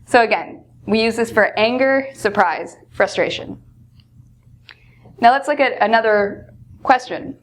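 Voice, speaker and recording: A woman teaching English, explaining expressions patiently and acting out example lines with lively emphasis. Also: a little high, a little slow, long pauses. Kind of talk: explaining English phrases in a lesson.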